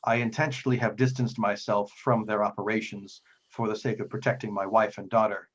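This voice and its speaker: A man's voice: lowish voice, flat delivery, fairly quick, slightly rough. A man voicing a devout, humble priest who speaks formally and secretively, on a dull lo-fi recording. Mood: grave.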